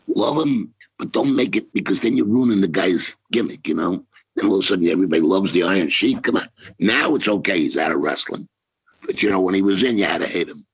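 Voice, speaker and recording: A brash man with a very low, husky voice tells wrestling stories with swagger and heavy emphasis. He talks like a guest holding court in a casual interview. The audio sounds dull and lo-fi. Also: fast talker, no echo.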